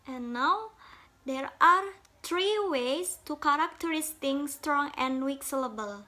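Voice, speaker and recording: A woman's voice: high voice, expressive, sharp tone. A woman giving a carefully read presentation on syllables, speaking in English that is not her first language. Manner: slow, careful, reads from notes, non-native English grammar. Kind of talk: reading a phonology presentation.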